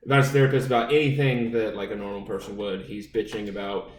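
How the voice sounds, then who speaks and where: A man's voice: on the low side, little pitch movement, fast, recorded from a distance. A man co-hosting a casual podcast, rambling and ranting, swearing constantly. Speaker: podcast co-host. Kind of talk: casual profane podcast banter. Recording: echoey room, voice off-mic, faint noise.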